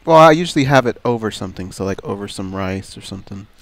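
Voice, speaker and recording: A man with a low, gravelly voice who talks quickly. He hosts a radio show and trades easy banter in the studio. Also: expressive, no room sound. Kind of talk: casual studio chat.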